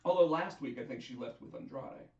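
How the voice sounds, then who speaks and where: A man hosting a casual wrestling chat on a live stream, chatty and animated as he tells what happened. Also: mid-range voice, a little fast. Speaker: host. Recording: echoey, distant, dull sound.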